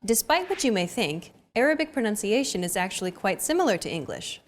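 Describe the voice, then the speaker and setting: A woman hosting a scripted language lesson, explaining clearly and evenly. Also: medium pitch, sing-song, brisk, a little hiss or hum. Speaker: lesson host.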